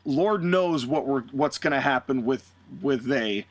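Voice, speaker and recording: A man hosting a podcast, telling a made-up story in an animated, rambling way. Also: medium pitch, measured pace, dry recording. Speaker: podcast host. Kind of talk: fantasy-booking storytelling chat.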